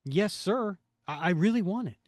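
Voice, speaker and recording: A man's voice: sits high, expressive, normal speed, dry recording, clean studio sound. A man reading as a polite, earnest young job applicant.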